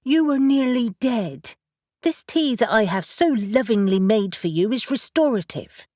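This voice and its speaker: A bossy young witch scolds and bargains, caring underneath, in a slow, measured way. A woman reads her in an audiobook. The recording is close and dry. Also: on the high side, animated, a little mellow, no room sound. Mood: scolding.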